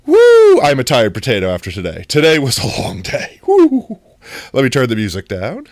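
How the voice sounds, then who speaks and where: A livestream host chatting casually with viewers, excitable and playful, often breaking into long laughing fits. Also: medium pitch, quick pace, dry recording, clean studio sound. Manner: excitable, greets chat by name; playful, jokey self-talk. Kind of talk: casual live-stream chat.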